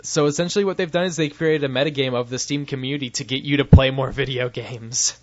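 A man's voice: mid-range voice, fairly even intonation, quick pace, no echo, highs cut off. A man co-hosting a podcast in casual chat, rambling and cutting himself off, laughing often. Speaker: podcast co-host.

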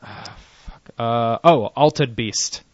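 Speaking slowly in a mid-range voice, a man rambles through a casual podcast conversation, full of laughter, fillers and false starts. The recording is dry, dull and lo-fi.

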